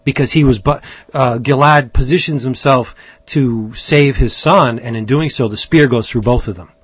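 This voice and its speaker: A man's voice: medium pitch, normal speed, slightly rough, dry recording. A man hosting a casual comic book chat, enthusiastic and rambling, often restarting his sentences. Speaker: comic book podcast host.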